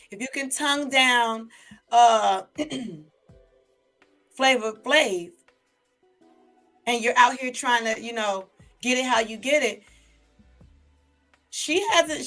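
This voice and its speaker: A woman vlogger, gossiping in casual commentary to a live chat, chatty and animated. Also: sits high.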